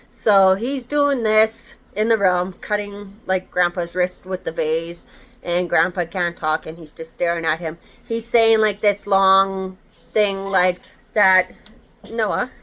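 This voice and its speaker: A woman's voice: medium pitch, a bit bright, clear, resonant tone. A woman casually retelling a horror novel's plot in a rambling way, full of fillers and quoted dialogue. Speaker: book reviewer. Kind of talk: casual book review recap.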